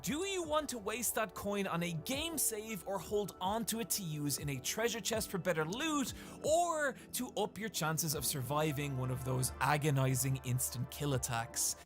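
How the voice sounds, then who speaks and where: Expressive male video narrator over music. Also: high voice, moderate pace, hardly any pauses. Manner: engaged, expressive storytelling. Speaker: video essayist. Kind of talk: scripted narration. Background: music behind the voice.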